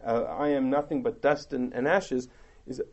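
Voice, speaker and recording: A man's voice: mid-range voice, fairly even intonation, normal speed, darkish tone. A man, a rabbi, giving a text study lecture, asking rhetorical questions and reciting verses, then translating them. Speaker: rabbi teaching a class.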